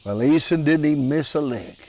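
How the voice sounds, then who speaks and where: Older Southern man, front-porch storyteller, unhurried drawl, a touch high-pitched. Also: mellow, rough recording. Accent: Southern American. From Alabama. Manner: slow, drawling delivery with chuckles. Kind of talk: folksy humorous storytelling.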